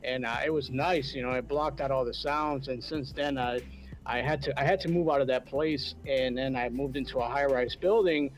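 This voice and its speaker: A man talking as a guest on a live stream from a high-rise apartment, laid-back and easygoing. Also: fairly even intonation, normal speed, soft background music. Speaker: guest YouTube creator. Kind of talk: casual interview chat.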